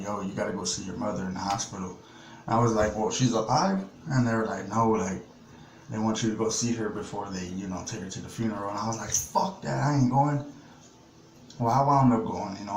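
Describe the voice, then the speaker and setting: A young man casually telling a personal story to his vlog audience, rough and plain-spoken, with lots of fillers and swearing. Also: lowish voice, a little hiss or hum. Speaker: vlogger. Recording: echoey room, faint ambience.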